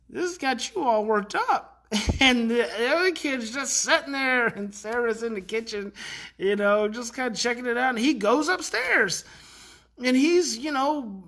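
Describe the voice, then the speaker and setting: A middle-aged man, a parenting educator, tells a story in a casual, animated way and lets his voice rise to act out the kids' outbursts. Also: extremely high pitch, a little slow. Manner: animated, acts out kids' outbursts, many fillers.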